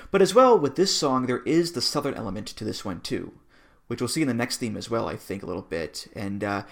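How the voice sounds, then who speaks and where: A man's voice: mid-range voice, lively intonation, brisk, creaky. A man co-hosting a podcast, chatting casually and reassuringly as he breaks down songs. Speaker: podcast co-host. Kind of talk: casual chat about wrestling theme songs.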